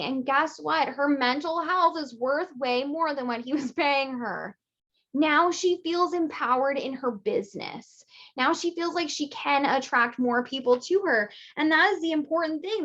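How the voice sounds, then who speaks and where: A woman business coach teaching in a casual, lively way, acting out little quoted voices with big jumps in pitch. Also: lo-fi sound. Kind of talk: teaching monologue.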